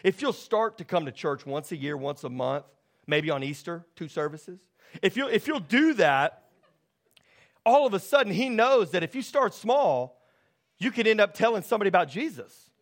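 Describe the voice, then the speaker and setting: Pastor guy preaching, pretty high voice, gets loud and excited telling stories. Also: moderate pace. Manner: animated storytelling, grows loud and excited. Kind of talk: sermon.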